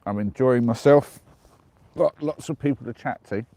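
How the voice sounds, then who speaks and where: An English man chatting casually on a live stream from the dark woods at night, giggling as he reads out viewer jokes. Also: medium pitch, moderate pace. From England.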